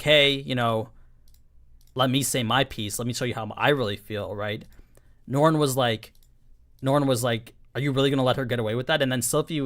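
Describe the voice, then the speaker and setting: A young man hosting a casual live-stream anime review, talking in a chatty, emphatic way, full of 'like' and 'you know'. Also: medium pitch.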